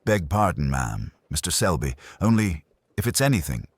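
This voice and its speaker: A man's voice: extremely low pitch, sing-song, normal speed, breathy edge, no echo, full character voice. A man voicing a timid young parlour maid who speaks hesitantly and apologetically.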